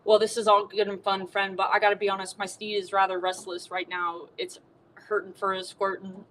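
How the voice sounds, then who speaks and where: Woman doing a polite folksy cowboy, earnest, flat even delivery, in a comic story. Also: medium pitch, fairly quick, slight background noise, natural voice, low-quality recording. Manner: folksy, overly polite exclamations.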